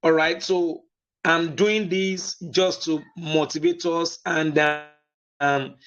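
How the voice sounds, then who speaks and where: A man hosts an online meeting and speaks slowly and deliberately in a fairly high voice. He repeats himself often, keeps asking whether everyone can hear him, and leans on fillers. The sound is dull and lo-fi, like a computer mic on a video call. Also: a bit bright. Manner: slow, deliberate delivery with many fillers. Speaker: host of an online business meeting. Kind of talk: motivational talk on an online call.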